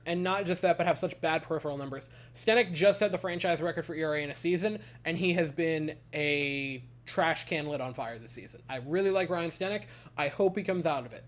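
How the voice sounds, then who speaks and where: A man giving a casual baseball game recap, ranting in an exasperated, animated way. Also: high voice. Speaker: baseball fan commentator.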